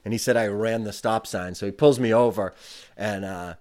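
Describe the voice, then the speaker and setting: A man's voice: lowish voice, steady tone, moderate pace, a little mellow. A young man, a comedian guest on a podcast, telling a casual story with lots of fillers and acted-out back-and-forth. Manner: rambling, filler-heavy, retells exchanges in dialogue.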